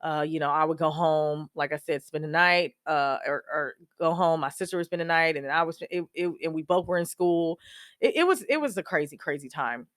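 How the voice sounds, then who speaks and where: A young woman hosts her own podcast and talks through a painful family story. She is candid and emotional, with a somewhat low voice that jumps higher when she quotes others. The recording is dry and close to the mic, with no room sound. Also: brisk, a bit bright, no echo. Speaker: podcast host. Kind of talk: personal storytelling monologue.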